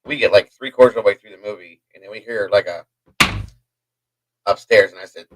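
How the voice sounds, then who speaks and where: A man with a fairly low voice hosts a livestream from home, talking briskly over a noisy background. He tells a story to his live chat in a hyper, rambling way, tossing in chatty asides to his viewers.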